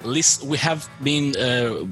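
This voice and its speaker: A Brazilian man with a Brazilian accent, speaking English in lively casual conversation. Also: medium pitch, slow, faint music behind.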